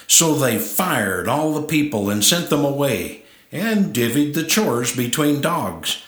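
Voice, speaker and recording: A man's voice: mid-range voice, fairly bright tone, reverberant. A man reciting rhymed cowboy poetry in a storytelling way. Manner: storytelling with playful put-on accents.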